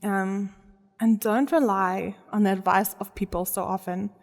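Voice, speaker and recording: A woman's voice: medium pitch, fairly even intonation, a little slow, creaky. A woman preaching a sermon in a church, earnest, often laughing and stressing key words. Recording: long reverb of a church hall.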